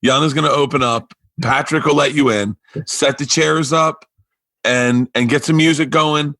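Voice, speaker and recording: A man's voice: a little high, normal speed, no room sound. A man from Florida hosting a podcast, telling rambling stories in casual chat and acting out other people's lines. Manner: rambling, animated storyteller who acts out quotes. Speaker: podcast host.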